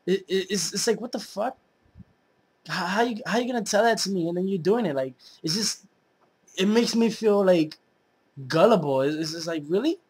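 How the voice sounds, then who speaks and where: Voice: mid-range voice, husky. A young adult vlogger in a blunt, profane, rambling rant to the camera, full of fillers and restarts. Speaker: YouTube vlogger. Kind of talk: casual ranting monologue.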